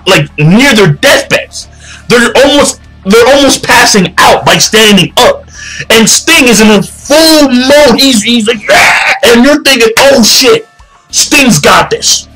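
An excitable young man rants through an anime review in a high, bright voice, swearing freely and tripping over his own restarts. Faint music plays behind him. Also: poor audio. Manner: excitable, profane, stammering restarts. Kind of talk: ranting video commentary.

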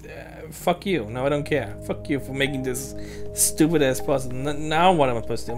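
A woman's voice: low voice, darkish tone. Exasperated woman swearing through a game. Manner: exasperated, swearing, muttering to herself. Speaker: let's play host. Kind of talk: video game commentary. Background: faint game music.

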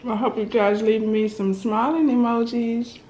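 A woman's voice: fairly high pitch, unhurried. Chatty woman eating on camera, roomy. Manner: talks with mouth full, relaxed and chatty. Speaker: mukbang vlogger. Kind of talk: casual chat while eating. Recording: roomy echo with faint background noise.

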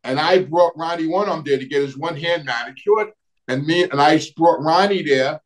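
A middle-aged man tells long stories in a loose, rambling way. He keeps restarting his sentences, trails off, and pauses to dig for names. His speaking voice sits a little on the high side. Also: poor audio. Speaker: guest recounting family history. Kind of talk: casual storytelling conversation.

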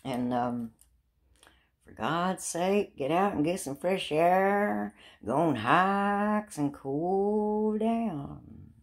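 Middle-aged woman vlogger, deep and fried voice, handheld phone, chatty and rambling. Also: animated, very slow, vocal fry. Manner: rambling and chatty, with repeated words and self-mocking laughs. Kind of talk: casual talk to camera.

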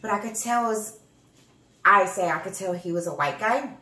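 A woman from Texas in her forties, co-hosting a family channel and telling a ghost story in casual chat, animated and repeating herself. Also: medium pitch, normal speed. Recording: echoey room.

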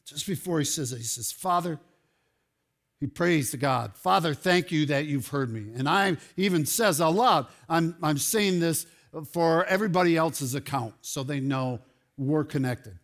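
Male pastor, high voice, unhurried sermon delivery with loud animated peaks. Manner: animated preaching, rising to loud exclamations. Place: church sanctuary.

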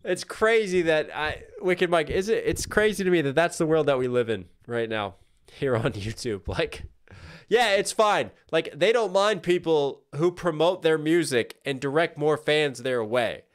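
Jokey man hosting a livestream. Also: fairly high pitch. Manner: jokey, animated, quick asides. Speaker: livestream music reactor. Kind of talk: casual live reaction chat.

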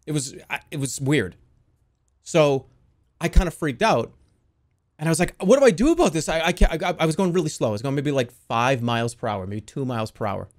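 A young man telling a wild story to his stream in a casual, animated way, swearing freely. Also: medium pitch, brisk. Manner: animated, swears a lot, yells in the quoted bits.

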